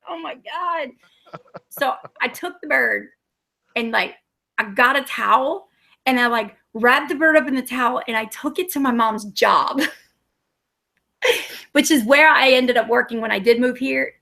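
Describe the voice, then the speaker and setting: Woman, thirties, casual rambling storytelling, profane, self-mocking, gravelly. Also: on the high side, bright, forceful tone.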